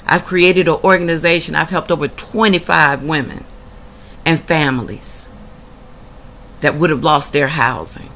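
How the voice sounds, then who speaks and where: Indignant woman, forceful voice. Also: low-pitched, steady tone, measured pace, a little hiss or hum. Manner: indignant, emphatic, blunt. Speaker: tenant telling her own housing case. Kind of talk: reading documents aloud and reacting.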